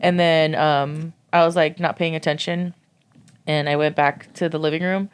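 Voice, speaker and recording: A woman with a low voice tells a rambling ghost story on a casual podcast. She swears freely and scatters "like" through every sentence. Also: flat delivery, normal speed, a little hiss or hum. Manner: swears freely, lots of "like" fillers. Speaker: podcast co-host.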